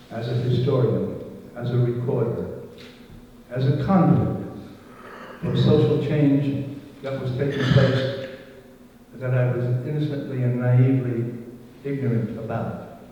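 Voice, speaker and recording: A man's voice: mid-range voice, slight background noise. A man from New York City giving a reflective speech to an audience, with dry humor. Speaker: photographer and speaker at a celebration. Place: large church hall. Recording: roomy church hall from far off, dull.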